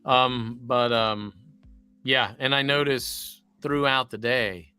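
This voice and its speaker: Chatty Southern man, bright voice. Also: medium pitch, steady tone, slow pace, clean tone, dry recording. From Louisiana, US. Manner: chatty, rambling storyteller. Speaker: voice actor. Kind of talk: casual chat on a livestream.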